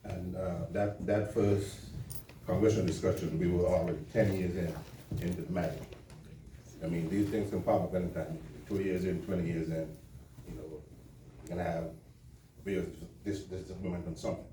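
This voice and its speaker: A man giving a relaxed keynote talk to a live audience, with fillers. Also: deep voice, moderate pace. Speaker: keynote speaker. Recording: echoey hall, mic far off, faint noise.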